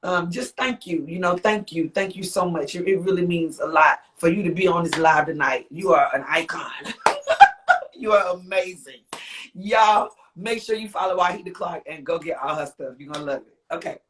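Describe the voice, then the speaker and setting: With slight background noise behind her, a woman speaks at a moderate pace in a lowish, fairly bright voice. She's a singer and author appearing live as an interview guest, and her emotional, heartfelt answers ramble, circle back on themselves, and burst into exclamations.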